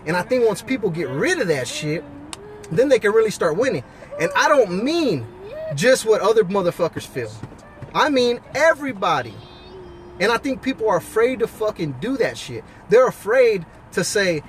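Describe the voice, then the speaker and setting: A man's voice: sits high, sing-song, normal speed, a little hiss or hum. A man giving life advice as a husband and father, talking bluntly and swearing constantly in a casual monologue. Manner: blunt, heavily profane, preachy.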